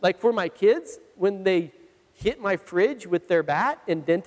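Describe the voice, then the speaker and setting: A man pastor preaching a sermon, telling personal stories in an animated, conversational way and laughing at himself. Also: sits high, measured pace. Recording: long reverb of a large hall.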